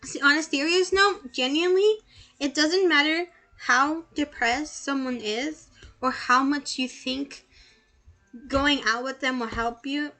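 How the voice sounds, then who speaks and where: A woman's voice: sits high, measured pace, pushed and bright. A young adult woman giving let's play commentary and reading a game aloud, nervous and jittery, laughing in fear.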